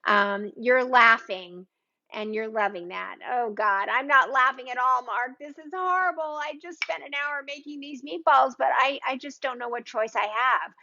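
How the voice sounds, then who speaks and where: A woman's voice: a little high, unhurried, vocal fry, bright, forceful tone, lo-fi sound. A woman hosting a live cooking stream from her home kitchen, chatting with viewers by name in an exclamatory way. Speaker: cooking show host.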